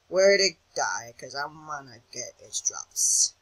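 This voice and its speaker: A man's voice: fairly high pitch, expressive, normal speed, few pauses, a bit bright, slightly rough, poor audio. A young man giving casual commentary over a video game, jittery and self-mocking, often chanting words over and over in a sing-song. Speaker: gaming channel host.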